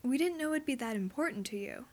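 A woman voicing a male hockey teammate who speaks quietly and sincerely. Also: sits high, lively intonation, fast talker.

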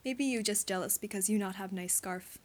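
A woman's voice: medium pitch, moderate pace, natural voice. A woman voicing a playful male hockey player who speaks lofty, broken English. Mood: lofty teasing.

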